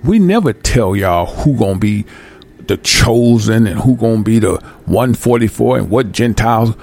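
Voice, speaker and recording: A man hosting a livestream, talking casually and bluntly with profanity and loud, high-pitched outbursts. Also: vocal fry. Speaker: livestream host.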